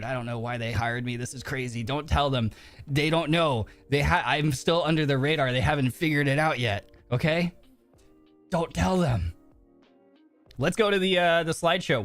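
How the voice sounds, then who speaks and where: A man's voice: fairly high pitch, a bit bright, no room sound, clean studio sound. A man streaming live, rambling through heavy fillers, nervous, earnest and openly emotional. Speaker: virtual streamer. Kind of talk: casual live-stream chat. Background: faint background music.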